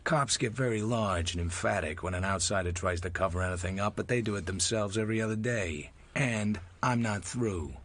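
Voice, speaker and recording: An actor playing a dry, cynical hard-boiled private detective in a 1940s-style radio drama, talking in laconic wisecracks. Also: male voice, on the low side, brisk, few pauses, fairly bright tone, lightly acted. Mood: defiant. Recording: hissy old radio recording.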